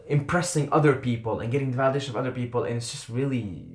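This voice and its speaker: A man's voice: mid-range voice, racing. A man telling a personal story to camera in a casual, earnest and intense way, often trailing off and swearing. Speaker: vlogger. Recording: roomy echo.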